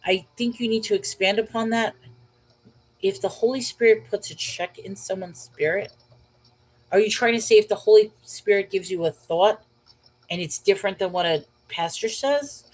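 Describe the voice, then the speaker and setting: A woman hosts a casual Bible study livestream, reading viewer chat comments and thinking aloud with fillers and restarts. Her medium-pitched voice has a darkish tone at a normal speed, and the recording is rough.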